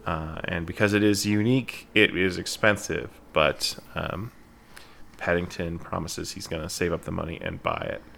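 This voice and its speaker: Low raspy guy with a bright tone, hosting a laid-back movie podcast over a call. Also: normal speed, slight background noise. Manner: relaxed, with fillers and laughs. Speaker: podcast host. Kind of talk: casual podcast chat, recapping a movie.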